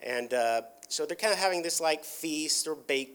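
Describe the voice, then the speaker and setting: A man's voice: fairly high pitch, normal speed, fairly bright tone, clear, resonant tone. A man with a somewhat raised voice talks his way through a cartoon plot in a loose, casual way. He rambles, leans on filler words and often restarts his sentences. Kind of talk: casual retelling of a cartoon episode.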